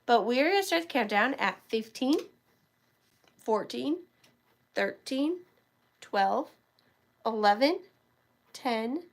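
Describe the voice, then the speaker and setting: An online reseller hosts a live-stream auction from home, her slightly high voice showing vocal fry from a throat sore after so much talking. She chats away, greeting viewers by name as she shows off each item.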